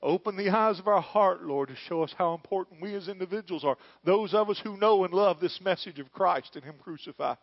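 A middle-aged male pastor preaching a sermon in church, moving between quiet, hushed lines and loud, fervent calls. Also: high-pitched, fairly quick, gravelly, few pauses, no echo, muffled recording. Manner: preaching, swings from hushed to shouting.

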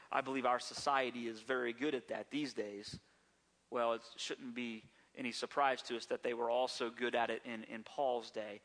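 A man's voice: medium pitch, level tone, moderate pace, fairly bright tone. A man preaching a sermon as a pastor, talking conversationally and often asking the congregation rhetorical questions.

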